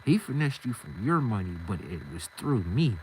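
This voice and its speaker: A man's voice: mid-range voice, moderate pace, a little hiss or hum, low-quality recording. A young man telling a casual storytime monologue in slangy street talk, acting out every side of the conversation. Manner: animated, slangy, acts out both sides of conversations.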